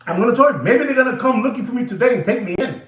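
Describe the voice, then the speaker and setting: A man's voice: very high voice, racing. A man hosting a watch channel, ranting theatrically to his viewers and slipping into asides. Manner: excitable, theatrical, slips into Spanish asides. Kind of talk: animated rant to viewers. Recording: roomy echo.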